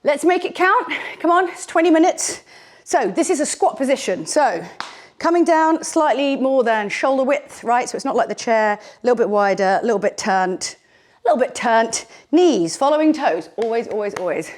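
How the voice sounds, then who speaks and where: A woman fitness instructor leads a bodyweight workout, chatty, encouraging and joking as she coaches, a little out of breath. She talks into a clip-on mic on her t-shirt in a high, animated voice at a moderate pace.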